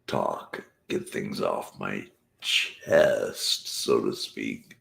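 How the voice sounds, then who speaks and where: A man's voice: extremely low pitch, drawn-out words, creaky, a bit bright. A man hosting his own late-night live stream, rambling casually to the chat. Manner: rambling, drifting, talking to the chat. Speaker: channel host.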